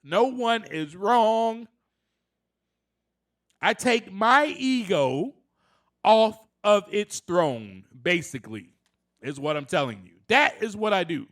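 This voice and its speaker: High-voiced, slow-talking male podcast host. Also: very animated, fairly bright tone. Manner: earnest, laughs often, rising to passionate emphasis. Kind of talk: solo self-help podcast talk.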